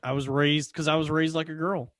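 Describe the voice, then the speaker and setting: A man's voice: a little high, level tone, brisk, a bit bright, no echo, studio quality. Laid-back, self-mocking young man. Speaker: podcast co-host. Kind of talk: casual banter on a video call. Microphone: video call.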